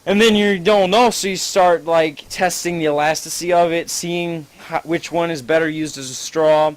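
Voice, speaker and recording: A man's voice: on the high side, steady tone, normal speed, no room sound, low-quality recording. A man improvising a rambling, profane, gleefully gross story to a friend, full of "like"s.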